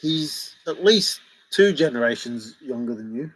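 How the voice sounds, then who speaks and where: A man's voice: medium pitch, lively intonation, measured pace, low-quality recording. A middle-aged man hosting a livestream, joking and laughing as he banters with viewers in the chat. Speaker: livestream host answering chat. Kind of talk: casual chat.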